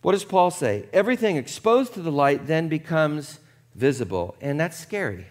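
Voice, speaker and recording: A man preaching a conversational sermon, casual and chatty, often checking in with the congregation and dropping low and quiet for earnest points. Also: big pitch swings, moderate pace. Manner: casual and chatty, with frequent "like" and "right?". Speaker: pastor.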